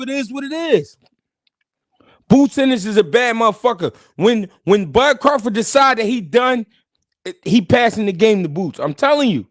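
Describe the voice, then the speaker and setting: A man's voice: sits high, no echo, clean studio sound. A man hosting a live stream, chatting casually and animatedly in slang, talking straight to his chat.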